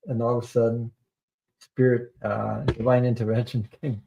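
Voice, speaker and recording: A man's voice: mid-range voice, little pitch movement, normal speed, gravelly, background noise. A man hosting a tarot live stream, telling a personal story in an earnest, rambling way and repeating words for emphasis.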